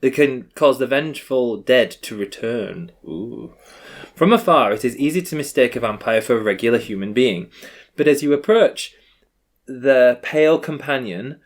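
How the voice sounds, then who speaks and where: Giggly man with a lively voice. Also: medium pitch, normal speed. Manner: giggly, stumbles while reading aloud. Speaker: board game player. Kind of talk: casual gameplay chat.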